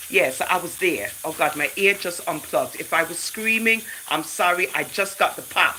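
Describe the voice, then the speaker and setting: A woman's voice: fairly low pitch, normal speed, a little hiss or hum, rough recording. A woman with a Jamaican accent hosting a casual livestream, reading scripture aloud in a preachy way and thanking viewers by name. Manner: animated, preachy, addresses chat viewers by name. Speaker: livestream host.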